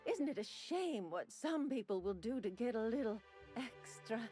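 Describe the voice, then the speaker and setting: A woman's voice: a little high, lively intonation, moderate pace, dark tone, soft background music, natural voice. An actress voicing a fawning, sugary female shopkeeper in a video game who calls everyone dearie. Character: syrupy, doting female shopkeeper auntie.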